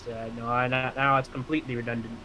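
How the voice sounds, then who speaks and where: A man's voice: medium pitch, little pitch movement, racing, bright, forceful tone, a little hiss or hum, poor audio. A man playing a tabletop role-playing game, speaking in a dry, matter-of-fact way. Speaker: player. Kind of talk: casual chat.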